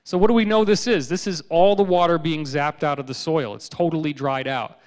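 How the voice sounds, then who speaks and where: Male lecturer, slightly high voice, playful storyteller, long hall reverb. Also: fairly quick. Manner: joking, animated storytelling. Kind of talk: public lecture.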